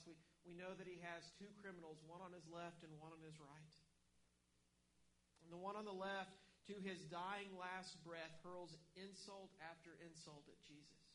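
A man with a rather high voice delivers an earnest sermon, pressing his points with emphasis and frequent restarts. A faint hum runs beneath the recording. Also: a bit bright, low-quality recording. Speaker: pastor.

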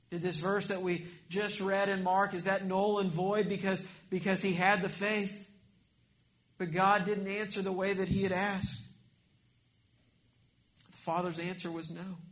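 A man preaching a sermon, earnest, swinging between emphatic points and hushed lines. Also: sits high. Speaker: pastor.

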